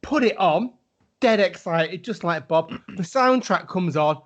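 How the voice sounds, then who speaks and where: A man's voice: high voice, a little slow, muffled recording. A middle-aged man, chatting casually as a podcast co-host and acting out the people he quotes. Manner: animated storyteller, acts out quotes. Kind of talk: casual chat.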